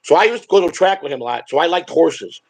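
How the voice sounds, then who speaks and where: Gravelly, husky older man. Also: fairly high pitch, expressive, fast, low-quality recording. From Chicago. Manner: rambling, profane, repeats words. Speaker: show host telling stories. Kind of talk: casual storytelling chat.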